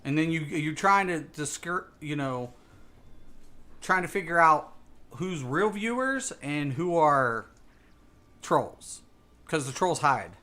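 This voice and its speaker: Sex: man. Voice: bright, slightly high. Role: game streamer. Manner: profane, repetitive rant. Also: lively intonation, slow pace, pauses often. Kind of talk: casual gaming stream talk.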